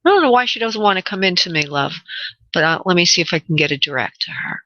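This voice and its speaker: A woman hosting a call-in radio show as a spirit medium, talking in a halting way with many fillers, relaying messages and calling callers honey. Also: on the low side, lively intonation, pushed and bright, dry recording, highs cut off. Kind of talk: call-in psychic reading on radio.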